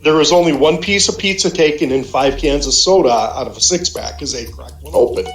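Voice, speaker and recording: A man's voice: fairly high pitch, fairly quick. A middle-aged man on a voice call, telling heated, profanity-laced stories in a casual way. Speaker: guest on a call. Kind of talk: casual storytelling. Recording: roomy echo, faint music behind.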